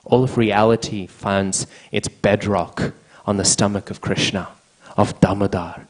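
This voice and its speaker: A man speaks in a fairly low voice as he leads a devotional scripture class. He tags a questioning "hmm?" onto nearly every phrase to keep his listeners with him. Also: steady tone, a little slow, rough recording.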